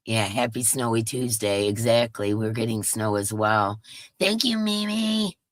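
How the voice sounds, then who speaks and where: A woman's voice: extremely low pitch, expressive, measured pace, no echo. A woman with a stuffy, congested nose hosts a live stream, chatting and greeting her viewers one by one. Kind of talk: casual chat with viewers.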